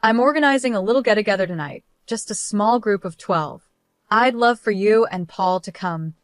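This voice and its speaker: A smug, spiteful woman with a syrupy, falsely sweet way of talking, read by a woman narrator. The delivery stays at a middling pitch. The sound is dry and close. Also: moderate pace, dry recording, lightly acted. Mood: sugary, mocking. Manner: overly sweet, fake concern. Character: smug spiteful woman, sister-in-law type.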